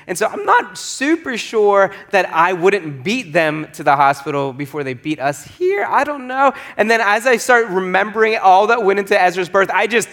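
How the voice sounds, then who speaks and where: A pastor in his thirties telling a story from the pulpit, with a voice a little higher than most men's. He keeps the story lively and slips into the voices of the people he describes. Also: normal speed, few pauses. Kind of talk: storytelling sermon.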